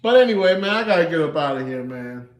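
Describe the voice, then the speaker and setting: With a slightly high voice that swings widely in pitch, this man in his thirties talks at a quick clip in a roomy-sounding space. He's a casual livestream host who chuckles a lot and peppers his lines with "you know" and "man."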